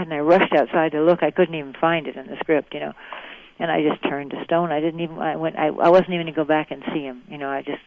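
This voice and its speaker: A woman's voice: deep voice, fairly even intonation, quick pace. Older female actress guest, rambling anecdotal style, phone-quality audio. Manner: rambling storyteller with many you-knows. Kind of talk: anecdotal interview chat. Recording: dry tinny phone-like line.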